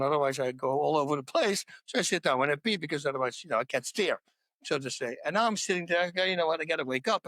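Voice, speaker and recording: A man who is a podcast guest, telling animated stories in casual chat, laughing mid-sentence and restarting words as he goes. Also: a little high, no echo.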